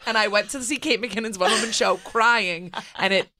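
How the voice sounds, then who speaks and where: A woman telling a story in an animated, emphatic way. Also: mid-range voice, normal speed. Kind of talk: casual storytelling.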